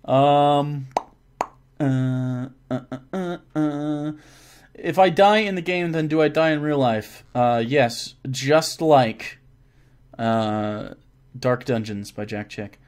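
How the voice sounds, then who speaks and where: A man answering viewer questions as a dungeon master in a casual chat, rambling and animated, swearing freely and trailing off with fillers. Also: a little high, slow pace, clear, resonant tone. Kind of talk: casual livestream Q&A.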